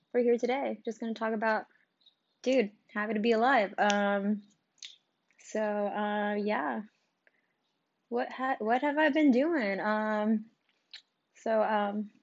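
Still recovering from covid, a young woman in her twenties hosts her own podcast, coughing and a little breathless. Her talk is rambling and casual, loaded with ums, likes and swearing. The mid-range voice sounds lo-fi, with no room sound at all.

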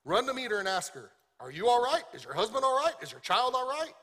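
A man's voice: very high-pitched, big pitch swings, fast talker, sharp tone, pitched above the performer's own voice, heavily acted. A man voicing the prophet Elisha while reading scripture aloud, with raised, pressing urgency. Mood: urgent.

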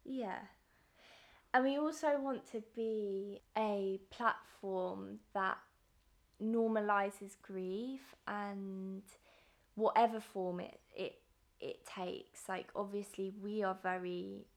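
A woman in her twenties from southern England chats on her own podcast at an unhurried, drawn-out pace. She talks loosely, trails off mid-thought and laughs often. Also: mid-range voice, fairly even intonation. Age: 20s. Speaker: podcast co-host. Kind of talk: casual chat.

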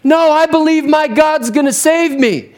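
A pastor acts out a stubborn man stranded on his rooftop in a flood, praying earnestly and insisting God will save him. His voice sits a bit high, and he pleads over and over. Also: normal speed, lightly acted.

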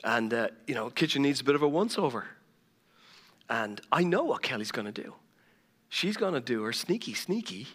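A man's voice: mid-range voice, lively intonation, moderate pace, fairly bright tone, slightly rough. A middle-aged man with an Irish accent preaching a sermon as lead pastor, telling humorous stories and laughing at himself. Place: large church auditorium. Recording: long reverb of a large church hall.

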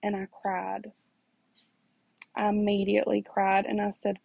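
A woman's voice: medium pitch, level tone, measured pace, gravelly, a little mellow, husky, dry recording, muffled recording. A mother earnestly telling her own story and preaching faith to listeners, repeating phrases for emphasis. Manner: preachy, addresses listeners directly. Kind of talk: personal testimony, faith encouragement.

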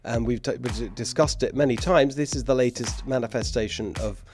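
A man's voice: medium pitch, fairly quick. A man with an English accent hosting a political talk show, emphatic and sarcastic, with bursts of mockery and laughter.

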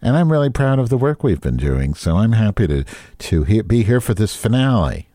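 A man co-hosting a comedy podcast, bawdy and expressive. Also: on the low side, brisk, dry recording, clean studio sound. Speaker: podcast co-host.

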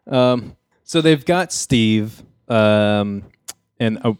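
A man hosting a casual podcast chat, retelling a TV episode with jokes and quick impressions of the characters. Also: fairly low pitch, clear, resonant tone, no echo, studio quality. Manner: joking storyteller, mimics characters' lines. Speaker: podcast host recapping a sitcom episode.

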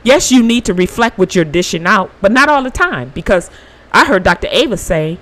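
Woman with a lively, swinging voice. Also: medium pitch, fairly quick. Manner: earnest, emotional, with bursts of laughter; informal, faith-filled encouragement. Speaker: podcast host. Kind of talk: spiritual reflection monologue.

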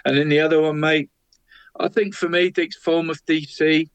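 A man's voice: a little high, flat delivery, moderate pace, clean tone, no echo, low-quality recording. A man co-hosting a casual local football podcast, reading results in a chatty way and tagging nearly every line with "mate". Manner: chatty, tags nearly every line with 'mate', chuckles at his own jokes. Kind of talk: casual sports chat.

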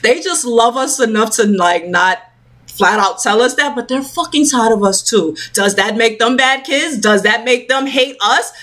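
A woman's voice: a little high, moderate pace, fairly bright tone. A mother ranting heatedly to camera at home, swearing freely and leaning on fillers, hot and sweating as she talks. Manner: profane, fired-up, filler-heavy. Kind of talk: heated casual rant to camera.

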